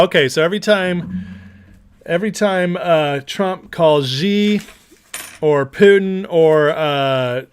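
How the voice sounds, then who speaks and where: Chatty guy hosting a live stream, voice sits kinda high, upbeat, shouting out viewers. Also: clear, resonant tone. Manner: upbeat, reads chat names aloud rapidly. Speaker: livestream host. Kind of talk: casual livestream chat.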